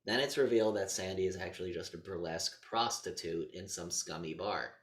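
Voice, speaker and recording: A man co-hosting a casual movie review podcast, talking in an animated, profane way and acting out scenes in quick voices. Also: sits low, roomy sound. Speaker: podcast co-host.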